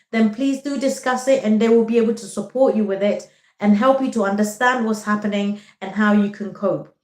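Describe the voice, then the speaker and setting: A woman talking straight to the camera with postpartum advice, reassuring and earnest, often checking in with a quick "okay?". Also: medium pitch, a little mellow, reverberant. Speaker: vlogger giving postpartum advice. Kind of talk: direct-to-camera advice talk.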